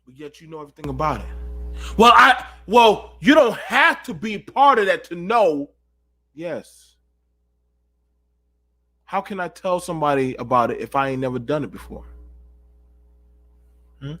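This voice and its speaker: Man, late-night host, high voice, preaching rhetorical questions at his audience. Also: expressive, measured pace, long pauses, bright, forceful tone. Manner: preachy, rhetorical, talks to viewers. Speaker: channel host.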